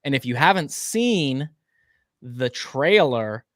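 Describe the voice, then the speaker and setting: A man's voice: mid-range voice, lively intonation, takes it slowly, a bit bright, no echo, studio quality. A man co-hosting a casual live stream, chatty and greeting viewers by name, sometimes tripping over his words. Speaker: livestream co-host.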